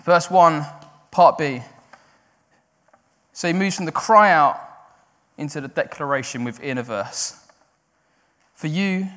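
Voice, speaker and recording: A man preaching in a church hall. His voice sits a little higher than most men's and carries a long reverb from the hall. He moves from loud, raised cries back down to a quiet, chatty delivery. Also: slow pace, pauses often. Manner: builds to loud cries when quoting, then drops quiet and conversational. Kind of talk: sermon.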